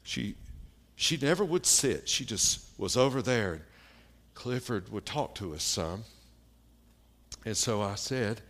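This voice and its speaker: A man preaching a sermon, telling a personal story in a slow, plain-spoken way with pauses and fillers. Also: lowish voice, animated, a bit bright.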